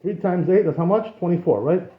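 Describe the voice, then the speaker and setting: Man, rabbi, informal Torah class, chatty, slightly high voice, echoey synagogue room. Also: lively intonation, fairly quick. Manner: conversational, peppered with "you know" and Hebrew terms. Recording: echoey room, dull lo-fi sound.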